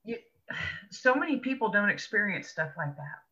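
Woman guest, earnest expressive storyteller, very bright piercing voice, dull lo-fi recording. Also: mid-range voice, normal speed. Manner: earnest, expressive storyteller who laughs between thoughts. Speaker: podcast guest, author. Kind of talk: personal storytelling in an interview. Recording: dull lo-fi audio.

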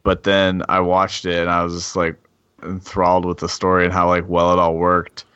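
A man's voice: sits low, monotone, normal speed, sharp tone, smooth, no echo, dull audio. A man in a casual podcast chat, rambling about films with many "like" fillers.

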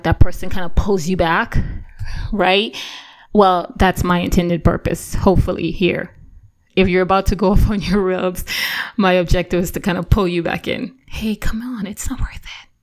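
A woman giving a casual Christian devotional talk, earnest and encouraging, chatty with lots of fillers and restarts. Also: fairly low pitch. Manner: conversational, full of fillers and restarts. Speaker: Christian teacher.

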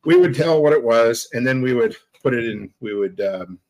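A man hosting a live stream in casual chat, telling stories with jokes and lively asides. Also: mid-range voice, normal speed, low-quality recording. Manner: animated storytelling, joking.

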